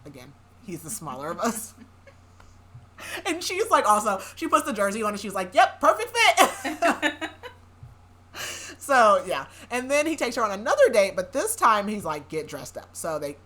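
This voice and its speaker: She sounds very animated and bright at a medium pitch, speaking a little fast with a forceful tone. The young host chats through a novel's plot on her podcast, cracking sarcastic jokes and laughing often.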